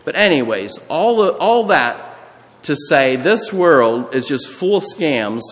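A man's voice: fairly high pitch, sing-song, slow pace, a bit bright, big-room sound. A man preaching a sermon, moving from a folksy, conversational personal story into a teaching on scripture. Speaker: pastor.

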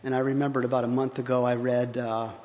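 A man's voice: medium pitch, flat delivery, fast talker, darkish tone. Man preaching in an echoey church. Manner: rambling, searching for words, musing. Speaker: pastor. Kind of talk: sermon. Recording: echoey hall, faint ambient noise.

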